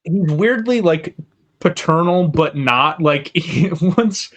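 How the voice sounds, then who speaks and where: A man's voice: a little high, lively intonation, slow pace, muffled recording. A man co-hosting a podcast in casual chat, wry and chuckling as he mimics characters. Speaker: podcast co-host. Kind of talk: casual chat recapping a TV episode.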